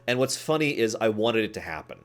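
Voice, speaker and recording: A man streaming, chatting casually with his viewers in a rambling, animated way, often laughing and acting out scenes. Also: fairly low pitch, fairly quick, faint music behind. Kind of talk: casual chat with live chat.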